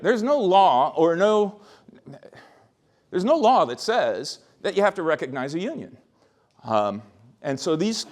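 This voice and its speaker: A man, a history professor, giving an informal workshop lecture in a rambling, conversational way, full of restarts and checks like "right?". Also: on the high side.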